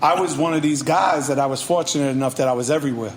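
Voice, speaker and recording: A man telling stories as a guest rapper in a podcast interview, energetic and profane. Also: fairly high pitch, fast talker.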